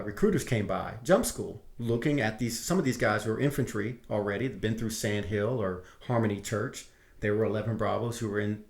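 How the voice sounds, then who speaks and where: Gravelly-voiced man telling army stories. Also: on the low side. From Texas. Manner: lively storyteller who acts out his quotes. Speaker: guest, army veteran. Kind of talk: casual storytelling interview.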